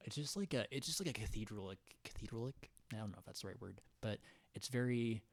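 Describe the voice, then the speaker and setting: A man's voice: fairly low pitch, expressive, fast talker, gravelly, no echo. A young man hosting a casual livestream, rambling and giggling as he chats with viewers and reads their comments. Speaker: livestream host.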